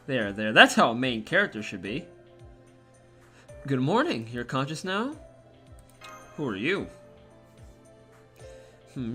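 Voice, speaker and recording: A man's voice: medium pitch, bright, forceful tone. A man voicing a vain, playful genius woman in a game, teasing and self-assured.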